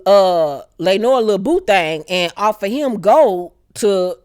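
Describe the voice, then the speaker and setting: Animated woman recapping a TV show. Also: medium pitch, slow pace, clean tone, no room sound, studio quality. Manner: animated, acts out characters in exaggerated voices. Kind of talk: casual profane TV recap.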